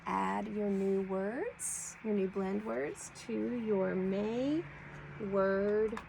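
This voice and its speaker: A woman teaching a preschool class, speaking slowly and clearly as she sounds out letter blends for young children. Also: medium pitch, fairly even intonation, background noise. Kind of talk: slow read-aloud lesson for young children.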